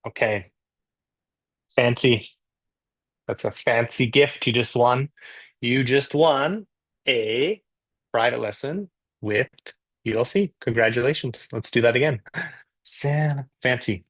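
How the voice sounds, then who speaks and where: A man's voice: medium pitch, takes it slowly, long pauses, a bit bright. A Canadian man teaching English, chatting casually and joking with his viewers during a live class. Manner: chatty, joking, self-deprecating.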